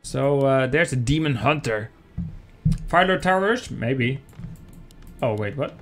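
A man casting a strategy game match live, chatty and excitable, talking to viewers as guys. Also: mid-range voice, slow pace. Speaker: esports caster.

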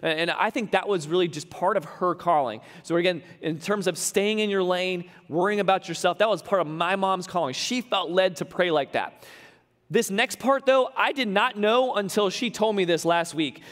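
High-voiced male pastor in reverberant hall. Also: normal speed, fairly bright tone. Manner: conversational preaching with humorous asides. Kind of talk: sermon. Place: large church hall.

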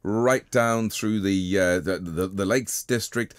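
A man's voice: fairly low pitch, slow pace, no room sound. A man hosting a breakfast radio show, enthusing about his guest in the studio. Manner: enthusiastic, effusive praise. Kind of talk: radio interview chat. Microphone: studio microphone.

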